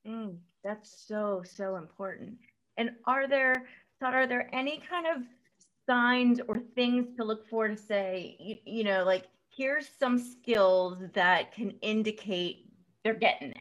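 A woman's voice: mid-range voice, unhurried, fairly bright tone, dull audio. A woman hosting an interview, encouraging and full of filler words as she asks questions. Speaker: host. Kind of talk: interview host, parent.

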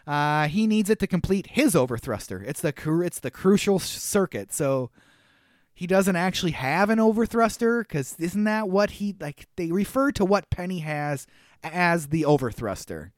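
High-voiced guy doing a casual movie recap, wry, laughs a lot, dry close mic. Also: big pitch swings, normal speed, dry recording. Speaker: podcast co-host.

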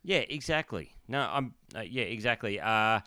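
A man's voice: on the low side, lively intonation, moderate pace, bright, forceful tone, no room sound, studio quality. A young Australian man co-hosting a podcast, laid-back and rambling as he tells stories. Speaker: podcast co-host. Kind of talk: casual podcast banter.

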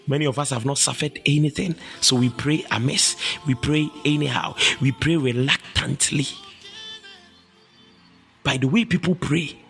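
A man preaching a sermon with an impassioned, sing-song cadence that builds to shouted, repeated exhortations. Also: fairly high pitch, very animated, measured pace, vocal fry, long pauses, faint music behind.

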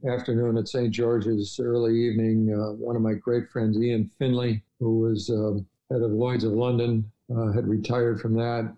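Rambling older man with a mellow voice. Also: medium pitch, poor audio. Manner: rambling, many fillers and restarts. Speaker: podcast guest. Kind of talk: casual storytelling interview.

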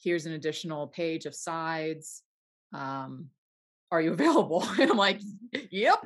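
A woman's voice: deep voice, animated, normal speed. A young woman actor telling an audition story in a casual interview, laughing often and acting out what people said. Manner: bubbly, laughs often, acts out quotes. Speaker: actor guest.

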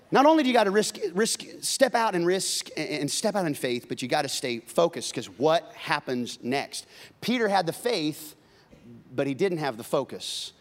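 A man preaching a sermon as pastor, swinging from loud, excited bursts to quiet, earnest passages. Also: fairly high pitch. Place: church sanctuary. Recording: long reverb of a large hall.

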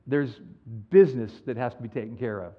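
A man preaching a sermon as pastor, animated and acting out the people in his stories. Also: medium pitch, brisk, highs cut off. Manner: animated storytelling, acts out quoted dialogue.

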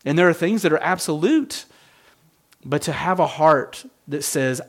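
A man's voice: on the high side, unhurried. A middle-aged man, a pastor, giving a sermon in an earnest, reflective, conversational way.

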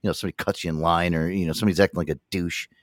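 A man hosting a casual podcast, animated and jokey, swearing often. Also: low voice, rapid-fire, no echo, clean studio sound. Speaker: host.

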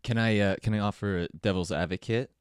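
Low-voiced, hesitant male guest. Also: clear, resonant tone, dry recording, studio quality. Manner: hesitant, soft-spoken, halting starts. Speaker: podcast guest, screenwriter. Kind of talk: casual chat.

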